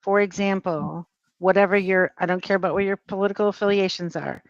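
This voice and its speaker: A woman's voice: mid-range voice, fairly quick, no room sound, highs cut off. A woman guest in a casual chat, speaking emphatically and explaining her points with acted-out examples.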